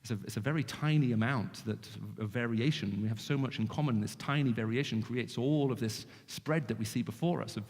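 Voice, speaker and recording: A man with a British English accent who grew up in the Middle East, giving an animated, joking evangelistic talk to students with frequent restarts. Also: mid-range voice, a little fast, few pauses. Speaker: guest speaker. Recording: long hall reverb.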